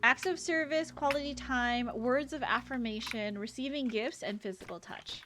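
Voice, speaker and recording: A woman's voice: a little high, normal speed. A woman streaming a game, chatting casually and giggly while reading chat aloud. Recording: audible background noise and keyboard clicks.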